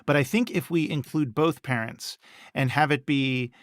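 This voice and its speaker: A man in casual creative brainstorming chat, thinking aloud and acting out quick character lines. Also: a little high, no room sound, clean studio sound. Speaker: co-host.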